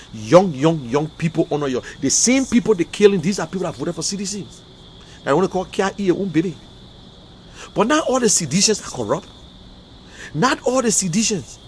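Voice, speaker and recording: A Liberian man delivering an emotional, repetitive political rant as a commentator, swinging between loud outbursts and quiet, subdued stretches. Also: a little high, a little hiss or hum. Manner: emotional, repetitive, rising and falling intensity. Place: in America.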